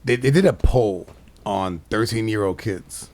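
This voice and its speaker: Podcast co-host: a laid-back man with a lowish voice, chatty, laughs along with his friend. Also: measured pace, a little mellow. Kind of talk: casual chat.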